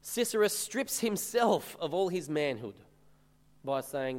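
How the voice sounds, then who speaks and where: A man's voice: fairly high pitch, expressive, slow pace, in a large hall. A man preaching a sermon, reading verses aloud and explaining them in an earnest, emphatic way.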